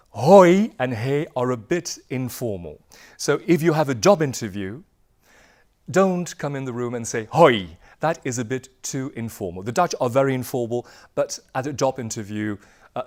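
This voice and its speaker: A man's voice: medium pitch, lively intonation, normal speed, a little mellow. Playful man teaching a language class. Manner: playful, repeats himself, laughs often; drills words for the class to repeat. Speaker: Dutch language instructor. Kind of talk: lively classroom presentation.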